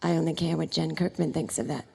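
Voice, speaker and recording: A woman comedian impersonating a soft-spoken male pop star who is smitten and coolly flirtatious, in a low, hushed murmur. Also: steady tone, quick pace, gravelly, background noise.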